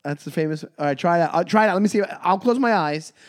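A man's voice: high voice, fast. A man co-hosting a podcast in casual chat, joking and retelling movie scenes. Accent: New York. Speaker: podcast co-host.

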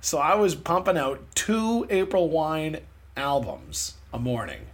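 A man's voice: fairly high pitch, unhurried, a little hiss or hum. A man co-hosting a casual music podcast, rambling with lots of laughter. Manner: animated, laughs often, rambling asides. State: neck and shoulder pain. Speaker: podcast co-host. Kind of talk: casual chat about music history.

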